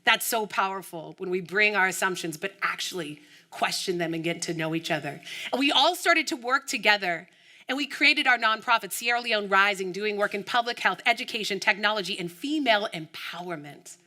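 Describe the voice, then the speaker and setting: A woman from the United States with a mid-range voice delivers an inspirational keynote at a brisk pace. She tells her story with animated storytelling, acting out the voices of the people in it.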